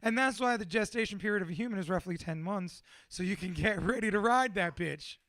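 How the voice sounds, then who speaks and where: Man, 30s, motivational speaker. Profane, rambling, self-mocking monologue. Very high, bright voice, dry recording. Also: a little fast, dry recording. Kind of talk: candid personal monologue.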